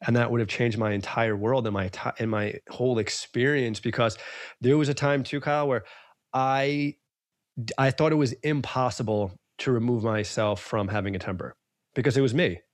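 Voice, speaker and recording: Hosting a casual podcast conversation, a man speaks earnestly and emphatically, circling back over his points. His mid-range voice has fairly even intonation at normal speed, in a dry, studio-quality recording.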